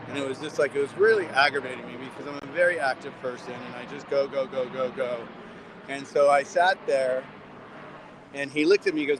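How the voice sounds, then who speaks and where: Over background noise, a man with a mid-range voice speaks briskly in a walk-and-talk vlog shot outside a building on a city street. He rambles, repeats himself, and addresses his viewers with heartfelt directness.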